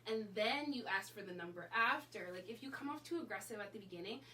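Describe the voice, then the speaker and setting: A woman's voice: medium pitch, lively intonation, fast talker, pushed and bright, far from the mic, a little hiss or hum. A woman guest giving frank dating advice in a casual chat, talking freely and acting out what people say. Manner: frank, chatty, laughs often, acts out quoted lines.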